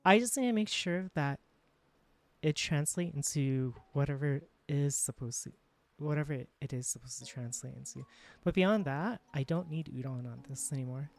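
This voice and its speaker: A woman live-streaming while she works, chatting casually with her viewers. Her voice sits low for a woman and has a mellow, warm tone. She is excitable and keeps breaking into exclamations, with faint music playing underneath. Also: normal speed, vocal fry, no echo. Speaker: live streamer and world creator.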